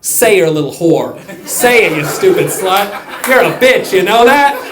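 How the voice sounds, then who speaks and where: A man acting out harsh lawmakers who loudly insult a witness. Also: high voice, expressive, unhurried, pitched above the performer's own voice. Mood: berating. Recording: echoey club with crowd noise.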